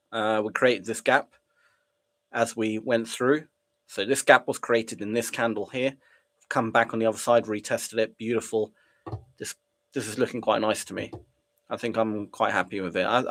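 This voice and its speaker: A young man with a cold, casually narrating his live trading and chatting with viewers. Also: mid-range voice. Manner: casual, chatty, reads chat aloud and reacts. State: sniffly with a cold. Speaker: day trader streaming live. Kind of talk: live trading stream commentary.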